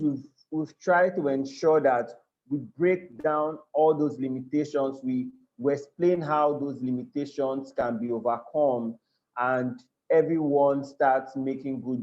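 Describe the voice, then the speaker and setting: A man's voice: medium pitch, steady tone, a little slow, a little mellow, highs cut off. A man with a Nigerian accent teaching a live online class. He speaks earnestly, often repeats and restarts his phrases, and checks in with his listeners. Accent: Nigerian English. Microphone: video call.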